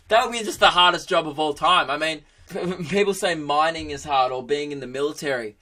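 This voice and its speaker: A young man in his twenties hosts a podcast in a loose, comic monologue. His voice is bright and sits a little high. He jokes crudely, laughs often and keeps the energy animated. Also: moderate pace, pauses often. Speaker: podcast host, comedian. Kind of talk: casual comedic monologue.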